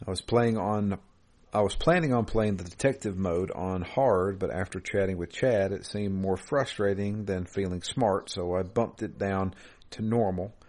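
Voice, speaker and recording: Deep-voiced man chatting casually. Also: normal speed, darkish tone. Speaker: podcast co-host. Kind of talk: casual chat. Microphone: remote call.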